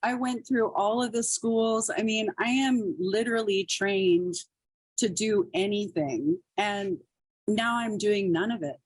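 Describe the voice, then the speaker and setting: Woman, comedian guest, chatty storytelling, lots of fillers, husky tone, dry sound. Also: mid-range voice, a little slow, no echo. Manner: chatty, many fillers like "like" and "you know". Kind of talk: casual storytelling.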